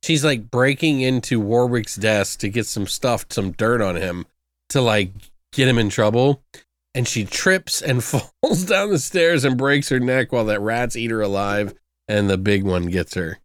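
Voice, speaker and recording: A man talks through a film with his co-host in a loose, profane way, now and then jumping into silly voices to quote scenes. His pitch sits in the middle for a man, and the recording is close and dry with no room sound. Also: lively intonation, measured pace, no room sound. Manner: profane, quotes movie lines in put-on voices. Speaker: podcast co-host. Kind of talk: casual movie review chat.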